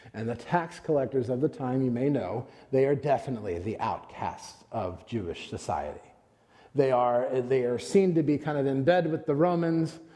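A man's voice: medium pitch, dark tone, long reverb tail. A man preaching a conversational sermon, retelling scenes and acting out the quotes. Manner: storytelling with acted-out quotes, conversational. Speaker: pastor.

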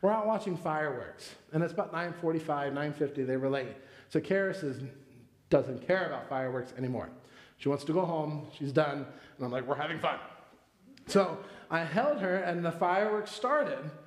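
Male pastor, 30s, high voice, chatty storytelling sermon, big echoey church room. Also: animated, moderate pace. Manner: conversational, storytelling with personal anecdotes. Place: church sanctuary. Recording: echoey church hall with long reverb.

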